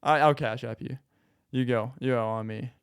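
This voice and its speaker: A man's voice: mid-range voice, steady tone, normal speed, creaky, smooth. A young man hosting a podcast, talking in an easygoing, chatty way with plenty of fillers. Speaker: podcast host. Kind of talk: casual podcast chat.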